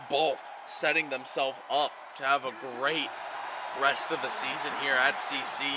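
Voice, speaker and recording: A man doing play-by-play commentary over a video game wrestling match, calling moves quickly and getting louder at near-falls. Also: mid-range voice, noisy background. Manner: rapid play-by-play calls, rising excitement at near-falls.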